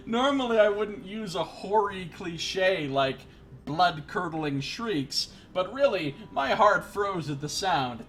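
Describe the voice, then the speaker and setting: A man's voice: high-pitched, lively intonation, a little slow, fairly bright tone, a little hiss or hum. Wry man reading game text aloud. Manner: wry asides, chuckling. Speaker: let's play streamer.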